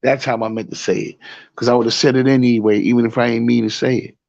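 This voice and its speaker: A man's voice: medium pitch, level tone, quick pace, creaky, darkish tone, highs cut off. A man with a New York accent telling a rambling story in casual talk, often repeating "you know what I'm saying.". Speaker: show host.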